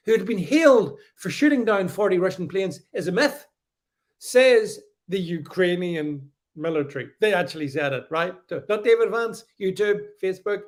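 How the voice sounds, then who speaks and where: Sarcastic man hosting a livestream. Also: sits high. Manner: sarcastic, mocking, laughing often. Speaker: livestream host. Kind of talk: casual livestream commentary.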